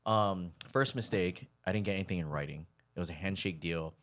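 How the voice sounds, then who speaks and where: A man's voice: low voice, a little fast, fairly bright tone. A man from Hawaii hosting a casual interview, laid-back and slangy, often calling people dude. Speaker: host.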